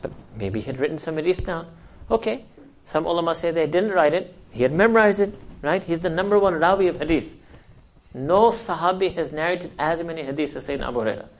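A man's voice: fairly high pitch, slight background noise, poor audio. A man preaching a sermon and telling a story, asking the audience rhetorical questions, chuckling often and acting out quoted dialogue. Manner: chuckles often while speaking. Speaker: Islamic teacher.

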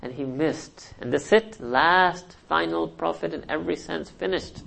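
A man's voice: a little high, unhurried, creaky, fairly bright tone, poor audio. A man preaching a sermon and telling a story, asking the audience rhetorical questions, chuckling often and acting out quoted dialogue. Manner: chuckles often while speaking. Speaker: Islamic teacher.

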